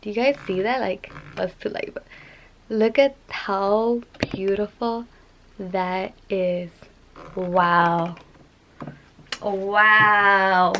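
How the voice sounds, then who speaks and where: A woman's voice: medium pitch, slow, a little mellow, slight background noise, rough recording. A young woman vlogging an unboxing, gushing over each item with gasps and lots of fillers. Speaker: beauty vlogger. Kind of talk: excited unboxing vlog.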